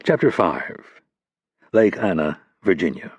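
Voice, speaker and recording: A man narrates a thriller audiobook in a measured, steady manner. His voice sits low with a husky grain. The sound is close and dry, with no room around it. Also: no room sound, highs cut off.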